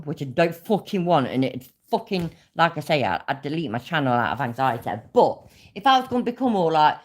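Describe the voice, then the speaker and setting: A woman with a Leicester accent, a YouTube host talking bluntly and swearing freely in a casual livestream chat. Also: lowish voice. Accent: Leicester English.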